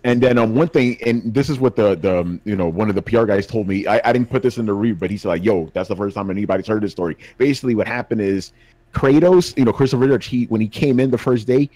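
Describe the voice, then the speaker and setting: A man co-hosting a gaming podcast, telling stories in a relaxed, slangy way. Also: medium pitch, quick pace, dry recording. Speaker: podcast co-host and games journalist. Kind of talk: casual chat.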